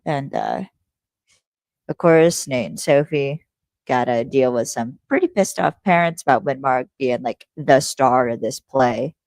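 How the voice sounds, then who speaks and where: A woman's voice: a bass voice, animated, unhurried, a little mellow, dry recording. A young adult woman hosting a podcast, recapping an episode in a rambling, casual way, swearing freely and correcting herself as she goes. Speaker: podcast host.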